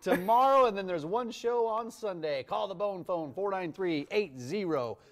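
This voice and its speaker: A man anchoring local TV news who chats with a guest, laughs easily, and reads show details briskly. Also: high voice, lively intonation. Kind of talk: TV news interview.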